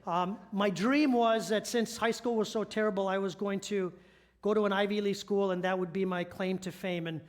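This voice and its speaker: A high-pitched man delivers a church sermon as one of the elders. He talks in a conversational, storytelling way and keeps asking the listeners rhetorical questions. He sounds middle-aged. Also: steady tone, moderate pace.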